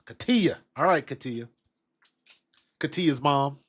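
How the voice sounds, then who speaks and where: A sports talk show host with a medium-pitched voice speaks at a normal speed while hosting a casual football live-stream. He's relaxed and conversational, reading out and answering chat messages, and there's no echo.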